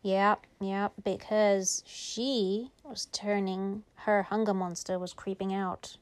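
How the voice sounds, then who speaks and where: A woman improvising a bedtime story for a child, lively, with drawn-out words and hushed whispers. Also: medium pitch.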